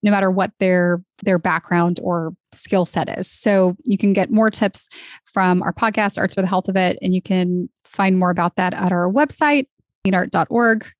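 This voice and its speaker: A woman guest on a podcast, a professional singer who talks in an earnest, encouraging way and gets animated when she voices what others might think. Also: fairly low pitch, moderate pace, dry recording, clean studio sound. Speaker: podcast guest, vocalist and arts nonprofit founder. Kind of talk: conversational interview.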